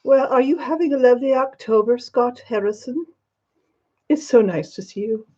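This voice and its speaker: An older woman livestream host, lightly acting, puts on an upper-class English accent to play a gracious, gushing elderly queen who greets viewers in live chat and calls them darling. Her voice is a little high and warm at normal speed, and the recording is muffled, with faint background music.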